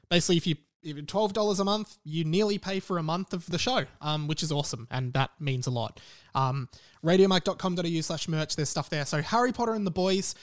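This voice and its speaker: A young Australian man hosting a podcast, chatty and self-mocking, laughing often and fighting hiccups. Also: fairly high pitch. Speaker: podcast host. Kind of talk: casual podcast chat.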